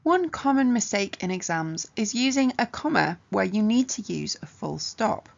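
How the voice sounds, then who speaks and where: A woman teaching an exam revision lesson, explaining punctuation rules clearly and methodically with examples. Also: medium pitch, big pitch swings, moderate pace, muffled recording. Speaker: English tutor.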